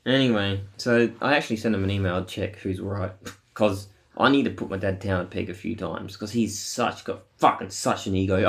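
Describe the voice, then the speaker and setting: A man's voice: on the low side, normal speed, gravelly, fairly bright tone. A man venting in a casual monologue, angry and rambling, swearing often and stopping on fillers. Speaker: vlogger.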